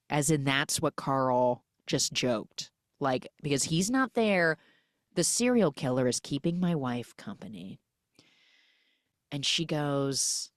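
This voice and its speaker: Low-voiced woman animatedly recapping a movie. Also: unhurried, no echo, clean studio sound. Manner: animated retelling that acts out characters' lines; frequent filler "like". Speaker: podcast host. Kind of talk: casual movie recap podcast.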